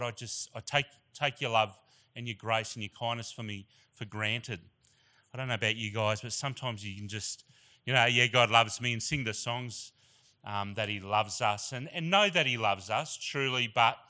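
A middle-aged Australian man gives a sermon in a church, moving between chatty personal stories and earnest appeals to the congregation. His voice is bright and forceful, and he talks with open emotion. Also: mid-range voice. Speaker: guest preacher.

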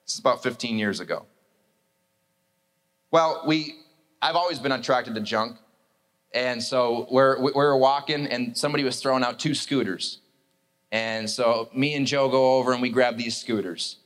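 A man's voice: medium pitch, moderate pace, long pauses, fairly bright tone. A male pastor preaching a sermon, telling a story with animation and acting out the characters.

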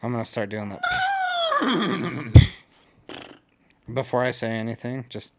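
A man's voice: medium pitch, little pitch movement, fast, heavy background noise. A man co-hosting a podcast, talking casually and with a lot of profanity. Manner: laid-back, profane, says dude a lot. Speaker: podcast co-host. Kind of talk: casual chat.

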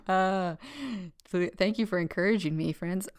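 Smooth-voiced young woman telling a story. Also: mid-range voice. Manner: giggly, rambling storyteller. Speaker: podcast co-host. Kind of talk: casual chat.

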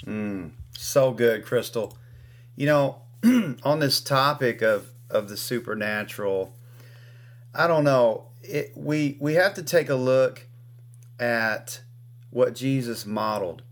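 A man hosting a conversation, teaching on scripture in a measured way with frequent restarts. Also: mid-range voice. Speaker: host.

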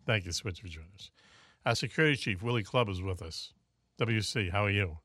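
A man's voice: on the low side, fairly bright tone, dry recording, clean studio sound. Jokey man hosting a radio show. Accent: Boston. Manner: jokey, rambling, quick asides. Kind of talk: casual radio talk show banter.

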